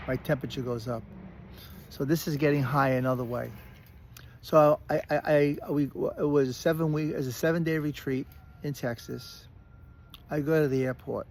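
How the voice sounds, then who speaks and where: A man with a Brooklyn accent telling a personal story in a casual, animated way, often restarting and repeating words. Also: medium pitch, slight background noise. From Brooklyn, New York. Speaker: recovery speaker.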